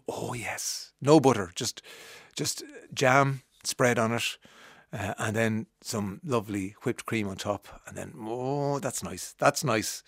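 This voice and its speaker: A man's voice: medium pitch, fairly bright tone, no room sound, clean studio sound. A middle-aged Irish man hosting a radio show, musing in a chatty, wry monologue with frequent hesitations and amused asides. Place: radio studio. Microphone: studio microphone.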